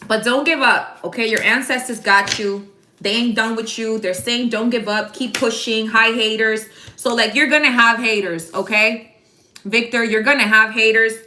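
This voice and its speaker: A woman's voice: on the high side, fairly even intonation, moderate pace, pushed and bright, a little hiss or hum. A woman giving a casual live tarot reading, chatty and slangy, speaking straight to her viewers by name. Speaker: tarot card reader. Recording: echoey room.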